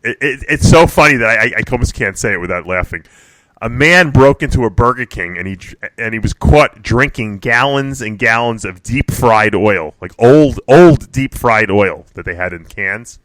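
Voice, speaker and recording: A man hosting a radio talk show, telling animated stories and laughing as he chats. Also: medium pitch, normal speed, no room sound. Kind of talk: casual chat.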